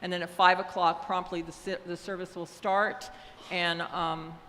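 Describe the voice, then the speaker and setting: A woman's voice: lowish voice, little pitch movement, moderate pace, bright, forceful tone, a little hiss or hum. An older woman who serves as a church leader, giving casual, rambling announcements full of fillers. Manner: chatty, rambling, many fillers. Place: church hall. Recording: echoey hall, faint ambience.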